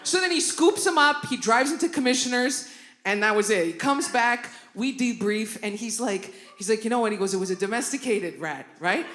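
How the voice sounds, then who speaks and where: A middle-aged woman performing a stand-up comedy set on a theatre stage, telling stories with sudden loud, high-pitched outbursts. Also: expressive, moderate pace, echoey room. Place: theatre stage before a live audience.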